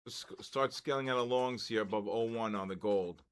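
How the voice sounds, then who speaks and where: An older man hosting a live trading stream, giving excitable market commentary, greeting viewers and stumbling over his words. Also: fairly low pitch, moderate pace, few pauses, clear, resonant tone.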